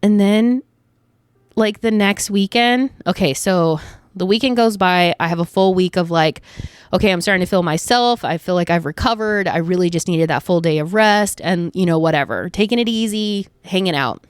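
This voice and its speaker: A woman's voice: on the low side, moderate pace, clear, resonant tone, no room sound, clean studio sound. Chatty young woman telling a story. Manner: chatty storytelling with many fillers. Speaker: vlogger. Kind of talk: casual chat to camera.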